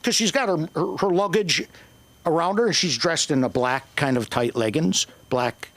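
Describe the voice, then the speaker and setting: An older man doing profane, rambling stand-up comedy at an open mic, with sudden shouted bursts. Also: fairly high pitch, moderate pace, dry recording. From Northern Ireland.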